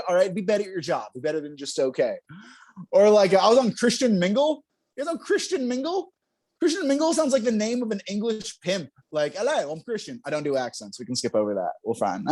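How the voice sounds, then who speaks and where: A man's voice: high-pitched, a little mellow. A young man performing a stand-up comedy set on a club stage, telling self-mocking jokes and laughing between punchlines.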